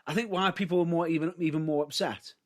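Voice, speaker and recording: A man whose voice sits on the high side talks quickly as a podcast co-host in casual wrestling chat. Hedges and frequent restarts fill his speech, which rises and drops with liveliness.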